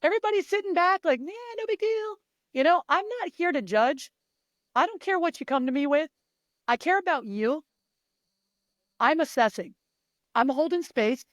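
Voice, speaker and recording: A woman coach with a fairly high voice speaks with emphatic, animated energy. She swears freely and slips into the voices of her athletes, recorded close and dry with no room sound. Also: normal speed, long pauses, dry recording. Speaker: mindset and performance coach. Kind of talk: guest in a sports interview.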